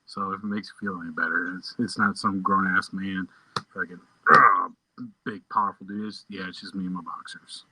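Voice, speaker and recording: A man's voice: sits low, fairly even intonation, normal speed, sharp tone, slight background noise, rough recording. A man joking casually about himself on a podcast, in a self-mocking way.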